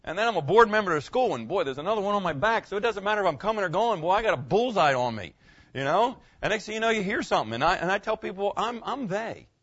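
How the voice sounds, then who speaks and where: A man's voice: high voice, lively intonation, racing, a bit bright, muffled recording. A middle-aged male pastor preaching in a conversational way, often checking in with "okay?" and restarting his words. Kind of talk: sermon.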